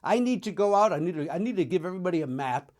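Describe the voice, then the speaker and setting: A middle-aged male comic from the Chicago area hosts a podcast, delivering a funny monologue about records. His slightly high voice bounces up and down as he riffs, pokes fun at himself, and slips in quick silly voices.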